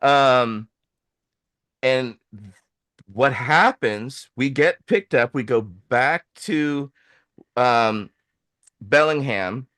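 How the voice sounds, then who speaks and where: Male host, casual storyteller, animated, middle pitch. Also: very slow, pauses often. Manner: animated, swearing, acts out quoted voices.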